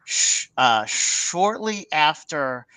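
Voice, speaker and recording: A man's voice: fairly high pitch, drawn-out words, clear, resonant tone, no echo. A man, a podcast guest, telling a story in a casual interview and acting out the dialogue with lots of restarts. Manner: animated, acts out quoted dialogue with many restarts.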